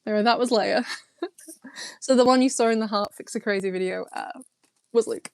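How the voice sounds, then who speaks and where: A woman's voice: fairly high pitch, a little fast, vocal fry, smooth, no echo. A young English woman from Lancashire, chatting casually as she answers viewer questions, rambling and laughing often. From Lancashire, England. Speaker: YouTube host answering chat. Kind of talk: casual live chat Q&A.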